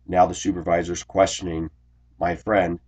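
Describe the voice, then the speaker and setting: Low husky man ranting indignantly. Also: little pitch movement, moderate pace, darkish tone. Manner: indignant, complaining, frequent throat clearing. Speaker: school bus driver. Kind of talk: ranting personal storytelling vlog.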